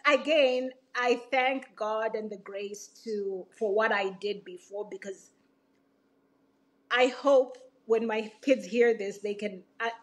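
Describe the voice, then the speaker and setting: A woman's voice: fairly high pitch, slow pace. A middle-aged woman from Zambia, a guest in a casual interview, reflective and laughing often as she speaks.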